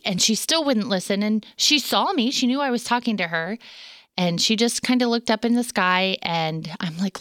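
A woman's voice: mid-range voice, animated, normal speed, a bit bright, no echo, studio quality. Chatty laughing woman telling stories. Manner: chatty storyteller, laughs often. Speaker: podcast co-host. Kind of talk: casual faith chat.

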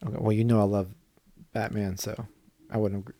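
A man's voice: on the low side, little pitch movement, moderate pace, warm tone, dry recording. A middle-aged man co-hosting a podcast in casual chat, talkative and tripping over his words now and then. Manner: chatty, trips over words. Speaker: podcast co-host.

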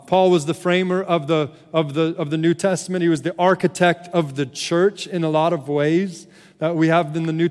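A man in the pulpit, a pastor preaching a sermon with a fairly high voice that carries a long reverb through the hall. He talks in an earnest, conversational way, restarting his phrases often, and moves between emphatic peaks and quiet, low moments.

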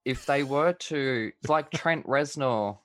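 A young man co-hosting a podcast, rambling and mocking himself, quick to laugh. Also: medium pitch, a bit bright. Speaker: podcast co-host. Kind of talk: casual chat.

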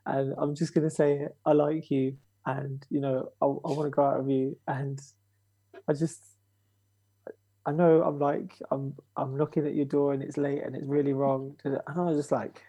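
Gravelly young man telling a story. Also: fairly high pitch, normal speed, no room sound. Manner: animated, acts out quoted voices, swears, laughs. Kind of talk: casual storytelling chat.

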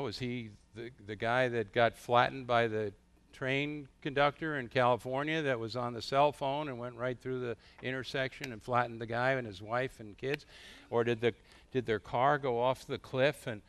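A middle-aged man delivers a sermon with a smooth, resonant voice at a medium pitch. He is a pastor who tells stories and fires off rhetorical questions. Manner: animated storytelling with rhetorical questions.

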